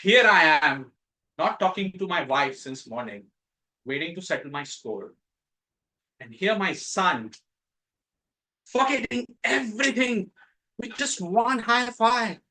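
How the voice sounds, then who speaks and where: Bright, high-voiced Indian man speechmaking. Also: expressive, low-quality recording. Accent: Indian English. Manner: storytelling with dramatic pauses and emphatic rises. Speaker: contest speaker. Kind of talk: prepared speech. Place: club meeting room.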